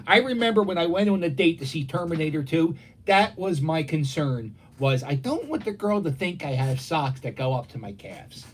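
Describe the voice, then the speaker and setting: A man's voice: a little high, very animated, normal speed, a little hiss or hum. Middle-aged philly guy rambling on a home livestream, voice jumping up and down a lot, acts out voices in his stories. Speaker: live stream host. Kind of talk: casual rambling storytelling. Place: dining room at home.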